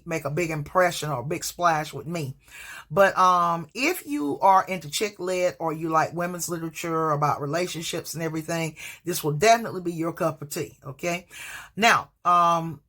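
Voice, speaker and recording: A woman's voice: fairly low pitch, fairly bright tone. A woman, a teacher, giving a casual spoken book review, hesitant and full of fillers, restarts and stammers. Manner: hesitant, many fillers and restarts, admits stuttering.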